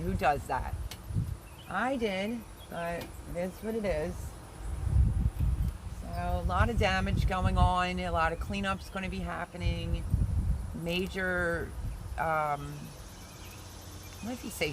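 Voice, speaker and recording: A home gardener with a high voice hosts a casual livestream from his backyard, talking into a phone camera. He rambles chattily from one topic to the next and responds to viewer comments along the way. Plenty of outdoor noise can be heard in the background.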